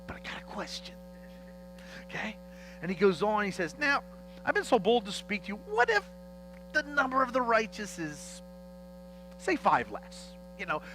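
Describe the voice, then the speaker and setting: Guy pastor preaching, jumps all over in pitch, bright voice, bit of hum and music behind. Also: rough recording. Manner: animated, jokey, acts out Bible dialogue. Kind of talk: teaching sermon. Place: church.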